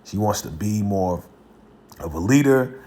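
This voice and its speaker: A man's voice: on the low side, expressive, measured pace, dark tone. A man hosting his own video, recapping a TV episode in a slangy, casual way and laughing between lines. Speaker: video host reviewing a TV episode.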